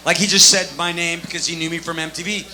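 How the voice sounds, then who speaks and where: Male panelist, fairly high bright voice, animated storyteller. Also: fast, slight background noise. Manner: animated, storytelling with acted quotes. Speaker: panelist, former music TV host. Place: live expo panel stage.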